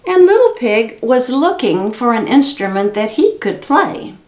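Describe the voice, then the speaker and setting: Animated, sing-song woman reading to kids. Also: on the high side, unhurried, reverberant. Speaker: children's librarian. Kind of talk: preschool story time reading and singing. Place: library room.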